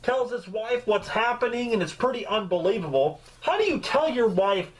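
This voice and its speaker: A man giving a casual, comedic movie review, talking in an animated way with rambling asides and free swearing. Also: sits high, normal speed, poor audio.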